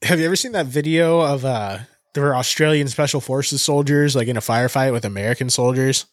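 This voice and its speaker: A man's voice: medium pitch, brisk, no room sound, clean studio sound. A young man from Southern California, chatting casually on a podcast, laid-back and wry as he acts out quotes. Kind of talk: casual chat.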